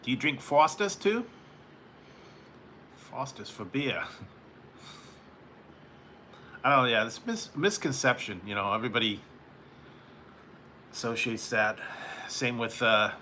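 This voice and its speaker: Speaking in a lowish, pushed, bright voice, this Californian man hosts a live stream and reads the chat. He rambles casually with viewers and chuckles frequently, and there's a little hiss or hum in the audio.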